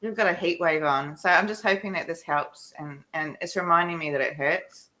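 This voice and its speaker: A woman with an Australian accent, telling stories in a casual video-call meeting. She talks in an animated way, laughs a lot, and acts out her own shouts. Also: fairly low pitch, moderate pace. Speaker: recovery meeting participant.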